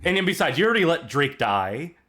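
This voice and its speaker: A man's voice: on the high side, very animated, fast, bright, forceful tone, soft background music. A man co-hosting a let's-play, guiding the player through the game with wry jokes. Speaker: co-host and game expert.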